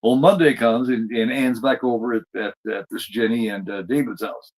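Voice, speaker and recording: Man, podcast co-host, casual episode recap, rambling, lots of fillers, mid-pitched voice. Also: moderate pace, darkish tone, low-quality recording. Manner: rambling, many fillers and restarts.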